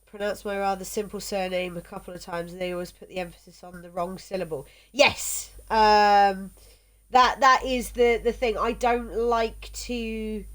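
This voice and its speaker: A woman streaming a video game, chatting casually with viewers in a halting way, tripping over words. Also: medium pitch, steady tone, fairly bright tone.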